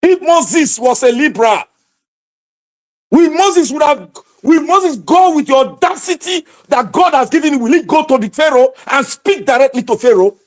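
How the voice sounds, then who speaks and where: A man's voice: extremely high pitch, lively intonation, moderate pace. A Nigerian man hosting impassioned political commentary, preaching and exhorting his viewers with a fiery, repetitive delivery.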